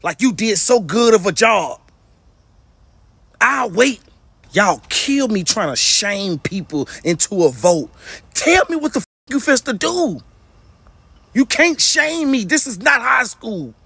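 Mocking male ranter, high husky voice, dry sound. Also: pushed and bright, dry recording. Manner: sarcastic, profane, mocking. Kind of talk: angry rant.

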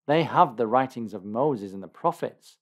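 Abraham, stern old patriarch, read by a male narrator, firm and measured. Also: mid-range voice, lively intonation, husky.

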